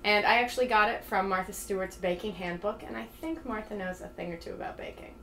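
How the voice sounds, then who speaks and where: A woman's voice: medium pitch, quick pace, fairly bright tone, a little hiss or hum. A woman hosting a web show and walking through a cooking demo in a chatty way. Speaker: host.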